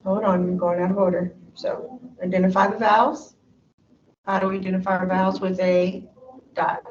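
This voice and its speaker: A woman teacher coaches a student step by step, patient and encouraging, often murmuring quick affirmations. She sounds far from the microphone in a roomy space, and the recording is dull and slightly noisy. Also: medium pitch, fairly even intonation, darkish tone. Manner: patient, prompting with quick mm-hmms. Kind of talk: guiding a student through a reading lesson.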